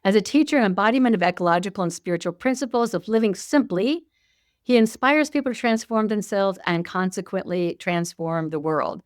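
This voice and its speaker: A woman's voice: medium pitch, expressive, a little fast, no room sound, studio quality. A woman hosting an interview, introducing her guest with enthusiasm. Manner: warm-hearted, enthusiastic. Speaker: host.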